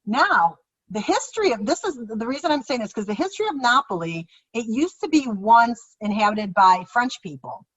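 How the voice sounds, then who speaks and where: A woman children's author chatting casually on a podcast, telling stories in an animated, excitable way and acting out her own past reactions. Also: on the high side, moderate pace, husky. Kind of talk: casual conversational storytelling. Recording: slightly muffled, dull podcast recording.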